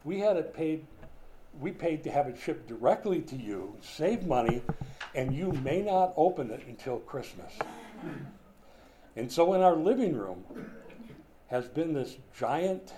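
A man's voice: a little high, animated, measured pace, long pauses, noisy background. An older man preaching a sermon in a conversational, folksy way, with chatty asides and small jokes. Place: room with a whiteboard.

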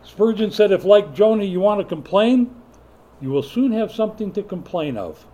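Folksy older preacher with a mellow voice. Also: male voice, sits high, expressive, moderate pace. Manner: folksy, joking storyteller who rises to loud emphatic preaching. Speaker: pastor. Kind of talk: sermon.

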